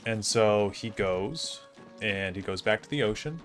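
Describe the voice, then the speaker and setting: A man's voice: fairly low pitch, a little slow, faint music behind. A man in his thirties chatting casually on a game stream, rambling with lots of fillers and restarts. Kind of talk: casual storytelling while gaming.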